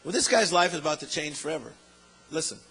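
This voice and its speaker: A middle-aged man preaching with a high, husky voice. He tells his story in an animated way, acting out each character's lines, and he keeps calling out to the congregation. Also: fast talker, poor audio. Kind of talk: sermon storytelling.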